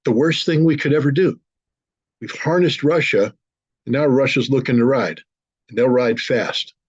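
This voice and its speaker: A man giving forceful, indignant political commentary as a guest in an online interview. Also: mid-range voice, moderate pace, husky, dry recording, highs cut off.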